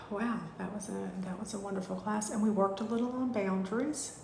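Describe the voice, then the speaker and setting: A woman, teaching a live online spiritual class in a gushing, heartfelt way with drawn-out thank-yous. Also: mid-range voice, creaky, noisy background. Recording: echoey room.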